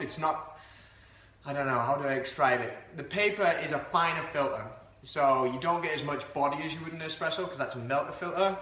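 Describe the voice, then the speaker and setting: A man's voice: a little high, fairly bright tone. A man explaining how to brew coffee in a chatty, rambling, self-deprecating way. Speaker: coffee reviewer. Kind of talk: casual how-to vlog. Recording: echoey room.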